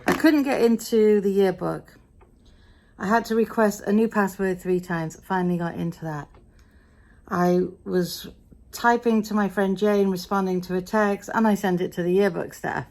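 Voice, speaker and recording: A woman's voice: mid-range voice, measured pace, a little mellow. A middle-aged British woman with an English accent, chatting casually in a day-in-the-life vlog, grumbling wryly about her day, tired and a bit frustrated. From Britain. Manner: chatty, grumbling storyteller with wry asides. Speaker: vlogger.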